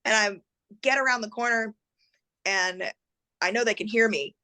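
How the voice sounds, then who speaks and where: A woman guest telling a personal story in a lively way, acting out the voices of the people she quotes. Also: medium pitch, moderate pace. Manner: animated, acts out quoted voices.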